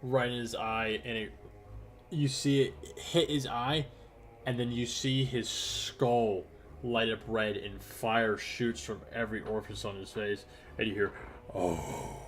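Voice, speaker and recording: A man's voice: medium pitch, steady tone, unhurried, fairly bright tone, a little hiss or hum. A man running a tabletop role-playing game, narrating the action casually and vividly. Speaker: game master.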